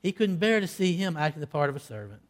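A man preaching a sermon, acting out scripture dialogue, with loud emphatic peaks that fall to hushed, low line endings. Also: big pitch swings, fast. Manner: acts out quoted lines in old-fashioned scripture wording.

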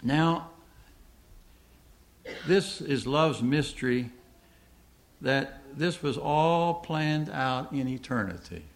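A man's voice: mid-range voice, expressive, takes it slowly, gravelly, pauses often, slight background noise. A man preaching a sermon to a congregation, earnest, asking the listeners questions and repeating key lines.

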